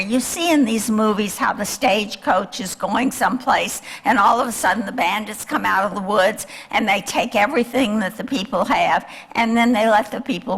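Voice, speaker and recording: A woman's voice: medium pitch, vocal fry, slightly rough. A woman giving a history lecture to a live audience, telling the story and asking the listeners questions. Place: lecture hall. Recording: long hall reverb.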